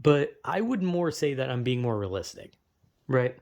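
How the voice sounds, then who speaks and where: A man's voice: mid-range voice, sing-song, normal speed, a little mellow. A young man in a rambling, profane, self-deprecating casual monologue, full of fillers and restarts.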